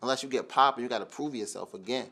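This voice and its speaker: Brief: male interviewer, mid-pitched voice, laid-back street slang, easy laughs. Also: quick pace, gravelly, fairly bright tone. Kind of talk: casual interview chat.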